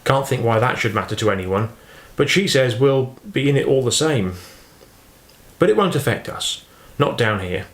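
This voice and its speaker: A man's voice: medium pitch, expressive, normal speed, lightly acted. A man voicing an eager, affectionate fifteen-year-old farm boy in an audiobook reading. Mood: wistful. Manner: earnest, affectionate, chatty. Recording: roomy echo.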